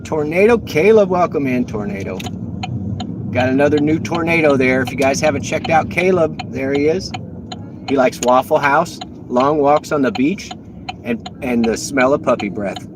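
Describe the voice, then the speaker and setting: Guy doing rideshare pickups on a livestream, jokey chatty talk, loud traffic noise around him. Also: mid-range voice, moderate pace. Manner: chatty, joking, greets viewers by name. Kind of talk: casual livestream chat while driving. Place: on an electric cargo bike in traffic. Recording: noisy outdoor street with traffic. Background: traffic and vehicle noise.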